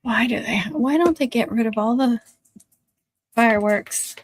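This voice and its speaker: A woman's voice: a little high, unhurried, no room sound. A woman chatting casually on a home livestream, laughing often and cooing at her dogs. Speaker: livestream host. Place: home, in the country.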